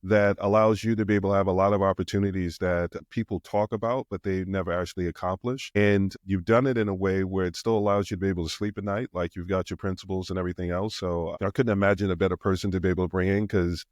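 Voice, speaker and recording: A man with a New York accent hosts a podcast interview in a smooth, radio-style voice. His voice sits very low. He sounds upbeat and welcoming, and the recording is close and dry with no room sound. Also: fairly even intonation, quick pace, hardly any pauses, no echo. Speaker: podcast host. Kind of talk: interview hosting.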